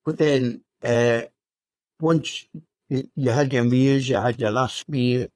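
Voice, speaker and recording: A man's voice: mid-range voice, steady tone, a little mellow, no echo. Very old guy, 100, rambling war memories with lots of uhs, plain dry sound. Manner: halting, unhurried storytelling with many fillers. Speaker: RAF veteran guest. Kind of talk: recounting wartime memories.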